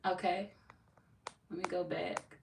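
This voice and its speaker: A woman's voice: on the low side, flat delivery, slow pace, gravelly. A woman from Missouri hosting a tarot livestream, chatting casually with viewers. She is blunt and playful, swears freely and laughs often. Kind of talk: casual livestream chat reading viewer comments. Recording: echoey room, far from mic, noisy.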